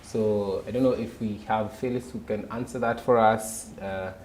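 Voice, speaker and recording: A man's voice: on the low side, steady tone, normal speed, a little mellow. A man from Kenya hosting a casual livestream chat, chatty, with lots of fillers and frequent laughter. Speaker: host. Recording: echoey room with faint noise.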